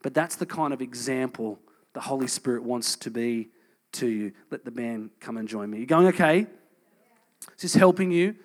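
Speaking at a moderate pace with a medium-pitched voice, a thirtysomething pastor preaches a sermon. His delivery is conversational and sincere, alternating between strong emphasis and gentle, intimate stretches.

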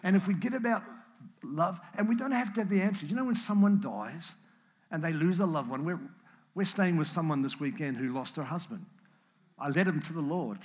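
A man's voice: on the high side, a little fast. Earnest emotional male preacher. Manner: earnest, emotional preaching, rising to animated emphasis. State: emotional, tearful at times. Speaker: pastor. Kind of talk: sermon.

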